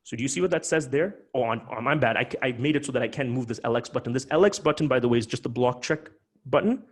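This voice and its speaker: A man hosting a live webinar, talking in an animated, emphatic way with many quick restarts. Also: mid-range voice. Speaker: webinar host.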